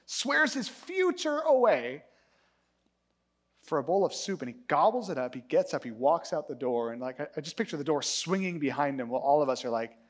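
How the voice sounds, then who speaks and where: A man preaching a sermon, telling a story with lively, acted-out character voices. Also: medium pitch. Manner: animated storytelling, acting out characters in quick voices. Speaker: pastor.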